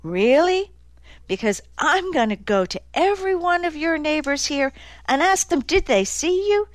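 A woman's voice: medium pitch, animated, unhurried, no room sound, lightly acted. A woman voicing a hard-edged male detective who is sardonic and cutting, in an audiobook. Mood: angry. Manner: dry, cutting, needling. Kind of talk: audiobook character voice.

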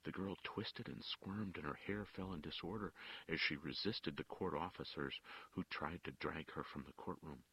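A man narrating an audiobook with measured, expressive storytelling. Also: a bass voice, slightly rough. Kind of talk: audiobook reading. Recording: dull, dry lo-fi recording.

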